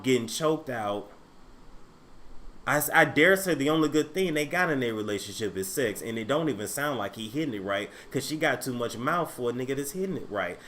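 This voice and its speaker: A man's voice: medium pitch, fairly bright tone. A man hosting a casual gossip show, who talks straight to the camera and the live chat and teases people in blunt, crude words. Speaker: host.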